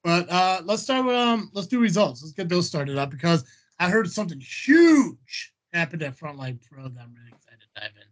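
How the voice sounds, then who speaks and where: A man's voice: high voice, big pitch swings, fairly quick. Teasing, foul-mouthed man on a podcast. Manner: teasing, swears freely. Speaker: podcast co-host. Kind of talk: casual chat.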